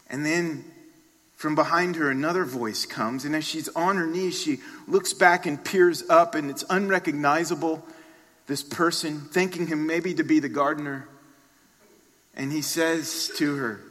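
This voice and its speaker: A man preaching a sermon, telling a story dramatically and swinging from hushed passages to loud ones. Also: fairly high pitch, normal speed. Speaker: pastor. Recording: long reverb of a large hall.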